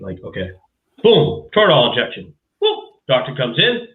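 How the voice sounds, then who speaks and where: This man hosts a casual podcast chat at a moderate pace and medium pitch, spinning a story full of profanity and acting out what others said. The sound is reverberant and phone-quality, and he comes across as an animated storyteller.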